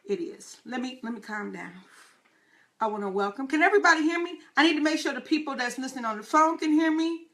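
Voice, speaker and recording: A woman host with a high, ringing voice and a sharp, bright edge. She talks to her listeners in an excitable, hyped, chatty way on her live talk show. She addresses them as y'all. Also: quick pace.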